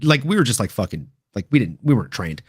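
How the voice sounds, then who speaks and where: A man hosting a casual livestream talk show, excitable and laughing often, swearing freely as he chats. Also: on the low side, fast, husky. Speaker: podcast host.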